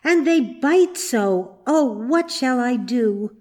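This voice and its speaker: A fretful little girl from a storybook, as a woman reader puts her on, crying out in rising, higher tones. Her pleas come slow and drawn out, with a plaintive edge. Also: expressive, darkish tone. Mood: upset, pleading. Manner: anxious, pleading cries. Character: distressed little girl, easily upset and pleading.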